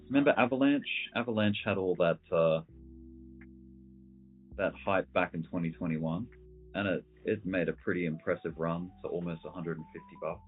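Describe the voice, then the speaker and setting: A man with a very low voice runs a loose, slangy market chat, thinking out loud as he goes. His audio is thin and phone-like, with a soft bed of music playing under it. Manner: laid-back, slangy, thinking aloud over charts. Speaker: host. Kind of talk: casual crypto market commentary.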